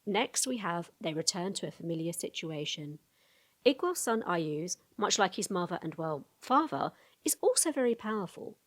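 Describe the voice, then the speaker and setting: Woman, breathy-husky tone, video lore narration, casual asides to viewers, close mic. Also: on the low side, very animated, normal speed.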